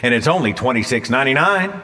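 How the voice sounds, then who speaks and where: A man's voice: mid-range voice, expressive, fast, bright, forceful tone, a little hiss or hum. A man with an Oklahoma accent giving a live public talk, emphatic and dramatic, repeating phrases for effect. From Oklahoma, USA. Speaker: guest speaker. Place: lecture hall. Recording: reverberant hall recording.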